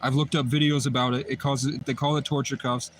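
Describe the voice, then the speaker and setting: A man's voice: mid-range voice, flat delivery, brisk. A man talks at length on a livestream, circling back over the same points and restarting his sentences. His voice sits in a middle register. Faint vehicle noise hums in the background. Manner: rambling, repetitive, many restarts. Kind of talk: livestream monologue.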